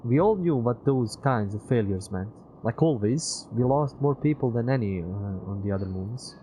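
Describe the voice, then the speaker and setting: A man's voice: medium pitch, lively intonation, moderate pace, dark tone, a little hiss or hum, close to an everyday voice, low-quality recording. A man reading a game aloud, voicing a weary male former engineering teacher who has lost his home and future. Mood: earnest. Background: music.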